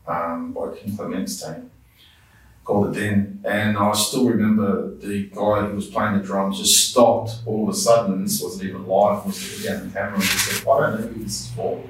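Guy telling his faith story, sincere, kinda low voice, lots of room echo. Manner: earnest, heartfelt storytelling with restarts. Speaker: guest sharing testimony. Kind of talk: personal faith testimony, conversational. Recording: roomy echo, distant mic.

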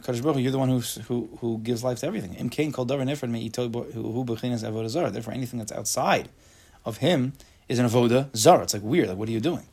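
A man's voice: mid-range voice, quick pace, darkish tone, slightly rough. A man giving a casual Torah class, reading a text and explaining it, acting out angry everyday voices and asking the class questions. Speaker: Torah teacher.

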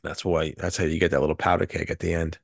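A man's voice: low voice, little pitch movement, fast talker, vocal fry, no room sound, clean studio sound. A man co-hosting a podcast, talking through favorite film scenes in a rambling way with frequent restarts. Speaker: podcast co-host. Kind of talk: casual movie review chat.

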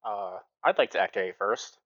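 A man's voice: lowish voice, lively intonation, moderate pace, a bit bright, lo-fi sound. A man playing a tabletop mech game, explaining his character's abilities step by step. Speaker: player.

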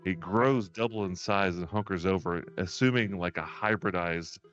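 A man running a tabletop game as game master, narrating in a relaxed, chatty way. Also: sits low, moderate pace. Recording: dull lo-fi stream audio, faint music.

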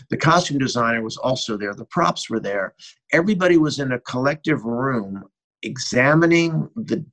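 A middle-aged man, a cinematographer, telling rambling and animated anecdotes in an interview, often restarting his sentences. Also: mid-range voice, breathy edge, poor audio. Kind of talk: interview storytelling.

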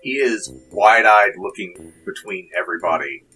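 Animated game master man, bright tone. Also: lowish voice, normal speed, faint music behind, rough recording. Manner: animated, amused. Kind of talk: narrating a tabletop game.

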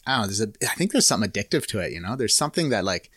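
A married man chatting casually over a video call about bikes, relaxed and easygoing, trailing off at times. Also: lowish voice, very fast, husky, dry recording, studio quality. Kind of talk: casual chat.

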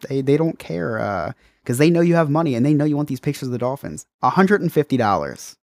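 A man co-hosts a casual podcast and tells his stories with animated, self-deprecating energy. He talks at a middle pitch, often restarts his sentences, and is recorded close on a dry studio mic. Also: fast, dry recording. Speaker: podcast co-host. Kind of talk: casual storytelling chat.

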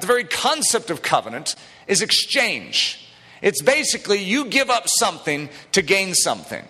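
A middle-aged pastor preaches a sermon in a fairly high, bright voice with big pitch swings, joking easily with the congregation before building to emphatic declarations. A long reverb from the sanctuary trails his words.

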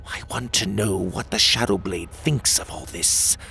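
A man's voice: on the low side, a little slow, creaky, sharp tone, slight background noise, exaggerated voice. A man voicing a proud, bitter old queen who commands a ship, speaking in a clipped, resentful way in a storybook reading.

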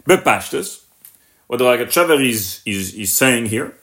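A man leading a Torah class in English, weaving Hebrew and Yiddish terms in and glossing them as he goes. His voice climbs high when he puts the questions to the class, then settles back down. He talks at a mid-range pitch. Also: animated, moderate pace, fairly bright tone. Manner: rises sharply in pitch when voicing the questions; restarts and repeats words while explaining. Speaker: rabbi teaching a class. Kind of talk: Torah lesson on a text.

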